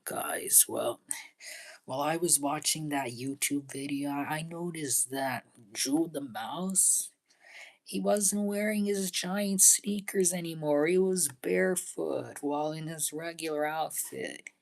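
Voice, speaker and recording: A young man with a slightly high voice delivers a casual vlog monologue, halting and repeating himself. He sounds earnest and pleading, often slipping into breathy half-whispers.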